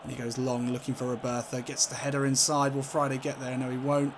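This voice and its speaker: A man commentating on his own football video game, casual and sweary, calling the play and getting loud on goals. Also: mid-range voice, little pitch movement, fast, few pauses, slight background noise. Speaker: gaming commentator.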